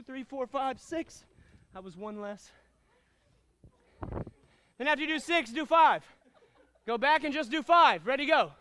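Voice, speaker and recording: High-voiced energetic karate instructor man. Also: clean tone, dry recording. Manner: energetic, commanding, calls out drills and counts. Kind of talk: martial arts class instruction.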